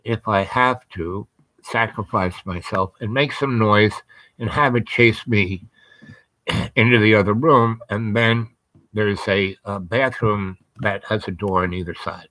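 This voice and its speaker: A man's voice: fairly low pitch, steady tone, a little slow, sharp tone, no room sound, rough recording. A man hosting a show, telling a personal story in a casual, rambling way with frequent restarts and asides. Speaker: host.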